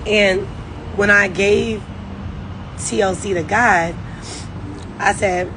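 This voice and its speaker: A woman's voice: mid-range voice, steady tone, takes it slowly, long pauses, background noise. A woman leading a network marketing team, giving a rambling, emphatic, faith-driven pep talk on a phone livestream.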